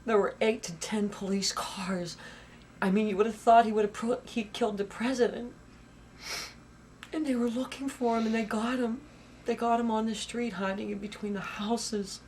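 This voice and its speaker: Woman interviewee, raw first-person testimony, halting repeats, swings loud to whispered. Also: fairly high pitch, steady tone, slight background noise. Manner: halting, repeats phrases, grows intense and loud, drops to whispers.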